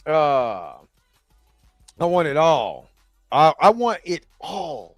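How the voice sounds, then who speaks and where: A man's voice: medium pitch, big pitch swings, takes it slowly, no room sound, studio quality, faint music behind. A man hosting a live reaction show, chatting loosely and joking around, rambling with frequent laughs. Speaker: host. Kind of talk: casual reaction livestream chat.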